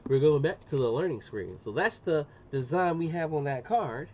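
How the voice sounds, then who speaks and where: A middle-aged man chatting casually on a live stream as he demonstrates an engraving job, slangy and talkative, often saying "boom". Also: lively intonation, normal speed, darkish tone. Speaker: livestreamer doing laser engraving. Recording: muffled lo-fi sound with faint room noise.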